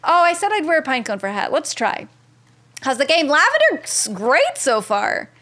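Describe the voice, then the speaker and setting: A woman's voice: high-pitched, wildly swooping pitch, normal speed, sharp tone. A young woman streaming a video game, chatting in an upbeat way and thanking viewers by name. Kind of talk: casual live-stream commentary.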